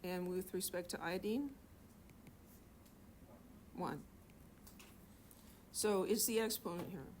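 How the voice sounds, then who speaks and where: A woman's voice: on the low side, takes it slowly, pauses often, a little mellow, slight background noise. A middle-aged woman teaching a chemistry class, chatty and joking, asking students questions in a classroom. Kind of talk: classroom lecture.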